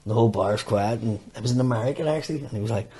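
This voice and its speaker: A man's voice: medium pitch, racing, warm tone, husky. A man telling sweary stories in a casual podcast chat, laughing through them. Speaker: podcast host. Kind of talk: casual pub-style storytelling.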